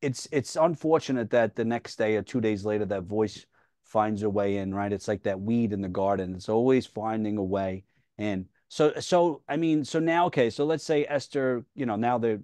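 A man's voice: fairly low pitch, no echo. Affirming male podcast host, dry sound. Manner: warm, affirming, self-deprecating humor. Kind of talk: conversational interview.

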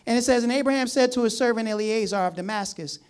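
An emphatic preacher in the middle of a sermon, with a mid-pitched voice. The preacher reads scripture aloud and then comments on it. Key phrases come back again and again, and the delivery swings from loud, urgent declarations down to quiet asides. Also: quick pace, clean tone.

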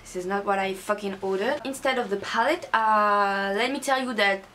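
A young woman who isn't a native English speaker, a beauty vlogger, delivers an angry, swearing rant in a casual home video captured on a camera mic. Her voice is medium-pitched and fairly bright, at a moderate pace, with slight background noise.

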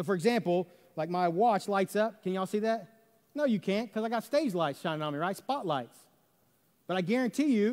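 A man preaches to his congregation, talking to them like a friend and checking in with quick rhetorical questions. His voice sits high for a man. It rings out with the long reverb of a large church sanctuary. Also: a little mellow. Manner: conversational preaching with rhetorical questions and Southern "y'all". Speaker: pastor. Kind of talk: sermon. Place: church sanctuary under stage lights.

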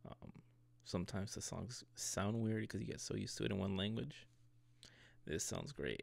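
A man hosting a music video reaction, talking in a hushed late-night voice and rambling casually with fillers and restarts. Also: fairly low pitch, moderate pace, creaky, no room sound. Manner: hushed late-night voice he calls his ASMR voice.

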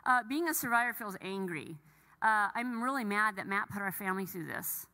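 A middle-aged woman speaking haltingly and with emotion as she gives a personal testimony to a church audience, with many fillers and restarts. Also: medium pitch, animated, bright, forceful tone. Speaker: bereaved mother sharing testimony. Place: church sanctuary. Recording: long reverb of a church hall.

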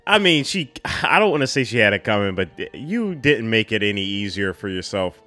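A man's voice: lowish voice, very animated, brisk, pushed and bright, faint music behind. A man hosting a reaction video, exclaiming and chatting in casual slang about what he watches.

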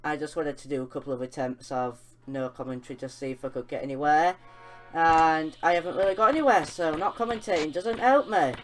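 A young woman commenting on a horror game she is playing, excitable and often yelling at the characters on screen. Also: low voice, a little fast, faint music behind. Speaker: gaming channel host. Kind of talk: let's-play commentary.

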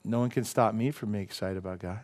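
A male pastor preaching a sermon in a church, rising to loud emphatic peaks and dropping to quiet, earnest lines. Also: on the low side, steady tone, fast. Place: church sanctuary.

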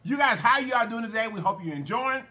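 A man's voice: very high-pitched, expressive, brisk, pushed and bright. A man hosting a casual eating show, folksy and chatty, calling viewers y'all and baby and humming over his food. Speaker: mukbang channel host.

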